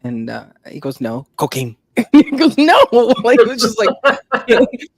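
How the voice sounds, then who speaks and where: A woman's voice: on the high side, wildly swooping pitch, normal speed, husky, no room sound, studio quality. Laid-back woman telling a story. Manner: laid-back storyteller, many fillers and laughs. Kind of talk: casual live stream chat.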